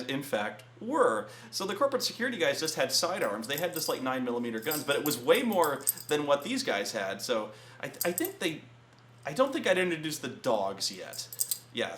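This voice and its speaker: A man hosting a show, telling a tabletop gaming story in a casual, profane rant and acting out the players in loud bursts. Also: medium pitch, echoey room, slight background noise. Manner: profane, animated, acts out players and himself in shouted bursts.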